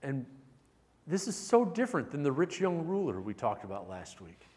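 A man preaching a sermon as a pastor, animated, shifting between loud emphatic bursts and soft, intimate passages. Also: on the high side, normal speed, big-room sound.

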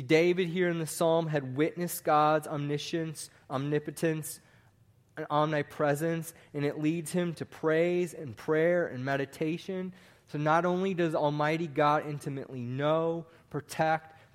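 Slow, measured male preacher. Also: on the high side. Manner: slow, deliberate preaching with drops at phrase ends. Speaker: pastor. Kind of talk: sermon.

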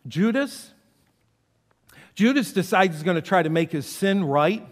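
Dramatic pastor preaching in a reverberant hall. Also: male voice, a little high, animated, moderate pace. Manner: dramatic storytelling, acting out quoted voices, swings from loud to hushed. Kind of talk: sermon.

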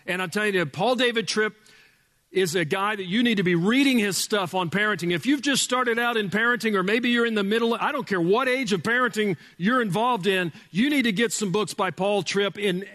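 A male pastor preaching a sermon, earnest and emphatic, slowing down to stress key words. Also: high-pitched, a bit bright.

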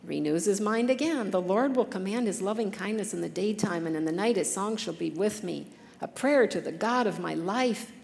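A woman's voice: mid-range voice, expressive, moderate pace, creaky, a little mellow, big-room sound. A woman giving an earnest, conversational devotional talk, reading scripture passages with feeling.

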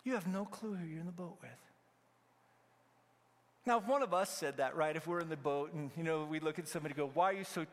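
A male pastor preaching a sermon, swinging between loud emphatic peaks and hushed, near-whispered lines. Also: a little high, quick pace, pauses often, in a large hall.

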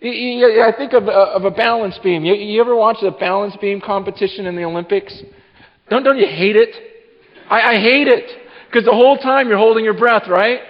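A man in his thirties preaching a sermon, halting and repeating words, telling stories with lively acted-out asides. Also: high-pitched. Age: 30s. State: short on sleep. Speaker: pastor. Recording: dull sound with long hall reverb.

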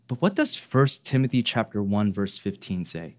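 An earnest male pastor delivers a sermon with an animated, swinging pitch. He poses question after question, then sinks his voice low to press each point home. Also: moderate pace, few pauses. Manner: earnest, asks rhetorical questions and drops low for emphasis.

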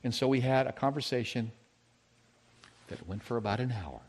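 A male pastor giving a sermon, telling a personal story, moving between loud emphasis and hushed, intimate moments. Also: mid-range voice, lively intonation, moderate pace, a little hiss or hum.

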